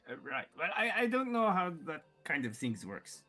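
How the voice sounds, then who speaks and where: Halting man thinking aloud in character. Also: high-pitched, big pitch swings, bright, forceful tone, faint music behind. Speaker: player. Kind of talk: in-character tabletop role-play.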